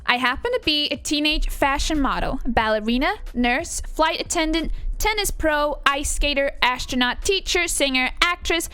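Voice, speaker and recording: A woman's voice: high voice, normal speed, hardly any pauses, bright, forceful tone, voice pushed up. A woman voicing a vain, pampered young woman doll with an American accent, bragging in a breezy sing-song monologue. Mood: boastful. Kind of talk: comic character monologue on a live stream.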